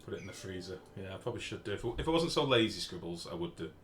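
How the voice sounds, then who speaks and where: Chatty British streamer, lively voice. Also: male voice, sits low, racing, slight background noise. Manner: self-mocking, chatty, joking with chat. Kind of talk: casual gameplay commentary. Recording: echoey room.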